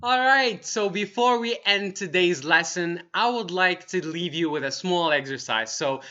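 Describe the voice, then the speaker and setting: A man teaching an online English lesson in an energetic, upbeat way, saying example phrases slowly. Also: high-pitched, dull audio.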